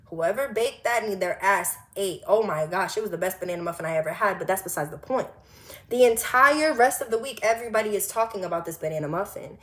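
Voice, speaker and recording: A woman of twenty telling a storytime monologue, animated and blunt, swearing freely and firing off rhetorical questions. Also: a little high. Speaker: vlogger.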